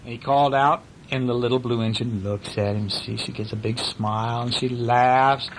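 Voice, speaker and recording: An older man reading a picture book aloud to a child, animated and pointing out the pictures. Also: medium pitch, moderate pace, slight background noise, low-quality recording. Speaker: storyteller.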